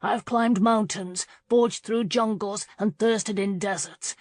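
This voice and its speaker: A woman's voice: mid-range voice, steady tone, unhurried, a little mellow, dry recording, lightly acted. A woman voicing an intense, desperate duke who pleads and roars. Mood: impassioned. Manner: intense, pleading then roaring. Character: brooding duke, man, desperate and commanding.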